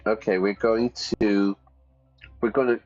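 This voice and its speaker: A low-voiced man reads a story game aloud, stopping to chat and ask his viewers what he should choose. His delivery is casual and talkative. The recording is a little dull, with faint music running underneath. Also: fairly even intonation, measured pace, a little mellow. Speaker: streamer and English teacher. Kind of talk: live game stream, reading aloud.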